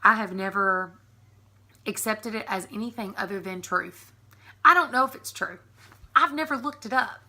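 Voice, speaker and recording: Woman, 30s, Southern American accent, bright and piercing tone, casual vlog chat, lots of ums. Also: medium pitch, normal speed, long pauses. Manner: chatty, giggly, frequent ums. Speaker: vlogger.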